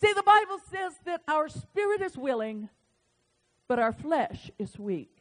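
A woman preacher with a high-pitched voice delivers a fervent sermon. She drops to a hush, then rises to full shouts, and she acts out dialogue with God as she goes. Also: big pitch swings, measured pace. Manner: impassioned, swings from hushed to shouting.

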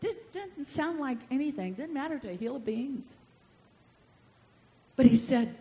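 Woman pastor, fervent call-and-response preacher, high pitch. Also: expressive, a little slow, long pauses. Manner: fervent, building to shouts. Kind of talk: sermon.

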